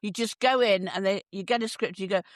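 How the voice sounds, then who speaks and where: Woman host from the midlands, laughs a lot, acts out bits, middle pitch, dry close mic. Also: brisk, no room sound. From English Midlands. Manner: laughs often, acts out little quotes. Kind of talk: casual chat.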